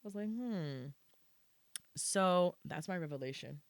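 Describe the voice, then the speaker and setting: Woman podcast host, casual chat, animated storytelling, dry close sound. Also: lowish voice, brisk, no room sound. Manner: animated storytelling, swearing, drops into quiet asides.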